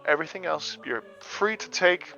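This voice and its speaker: A man voicing a gracious, quietly sinister elf princess who speaks softly and politely in a tabletop game. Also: on the high side, expressive, normal speed, vocal fry, full character voice. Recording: dull lo-fi audio, faint music.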